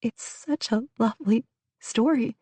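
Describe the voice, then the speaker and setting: A woman's voice: medium pitch, normal speed, mellow, breathy edge, dry recording, voice pushed up, close to an everyday voice. A woman voicing a tender-hearted, headstrong adult woman who talks in an emotional, teasing way. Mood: teary.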